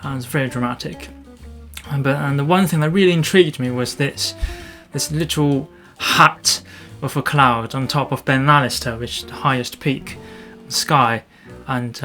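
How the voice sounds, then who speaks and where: Halting, easygoing male photographer. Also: medium pitch. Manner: halting, with many restarts and soft asides. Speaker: landscape photographer. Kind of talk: casual vlog narration.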